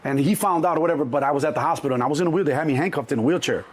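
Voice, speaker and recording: Sixty-something chicago guy, husky and kinda high, tells stories animated, does all the voices. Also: rapid-fire. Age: 60s. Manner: animated storyteller, acts out quoted voices, many restarts. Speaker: interview guest. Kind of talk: casual storytelling interview.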